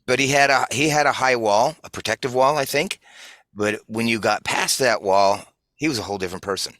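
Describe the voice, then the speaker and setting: A man being interviewed as a guest, calmly recounting his career in a reflective, steady way. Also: medium pitch, a little fast, no room sound. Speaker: interview guest, corps director. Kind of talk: casual interview chat.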